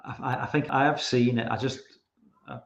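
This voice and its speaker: A man's voice: medium pitch, fairly even intonation, fairly quick, gravelly. A man from England, chatting casually as a podcast guest and rambling, often repeating words while he thinks. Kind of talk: casual chat. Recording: roomy, dull lo-fi sound.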